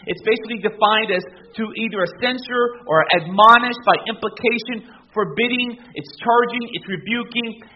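High-voiced emphatic man preaching a sermon. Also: husky, dull audio. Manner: emphatic, keeps asking the congregation questions. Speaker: pastor.

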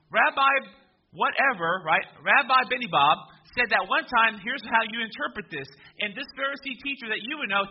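A man preaching a sermon as pastor, talking conversationally and rising to loud, emphatic stretches. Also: extremely high pitch, muffled recording, slight background noise.

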